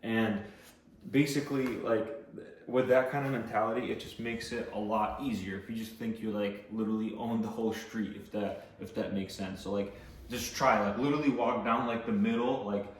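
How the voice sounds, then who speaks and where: A man's voice: fairly low pitch, fairly even intonation, moderate pace, slight background noise. A man giving casual sales training, rambling with many fillers and restarts. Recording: echoey room, voice from a distance.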